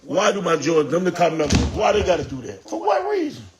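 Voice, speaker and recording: A man's voice: on the high side, quick pace, over a noisy crowd. A man from Miami ranting and pleading on a livestream about his sneaker collection, exasperated, profane and repetitive. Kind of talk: emotional livestream rant.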